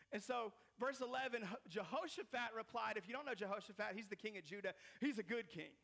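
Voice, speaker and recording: A man in his thirties, a pastor preaching a casual, animated sermon full of slang and repeated words. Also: sits high, fairly quick, vocal fry, hardly any pauses.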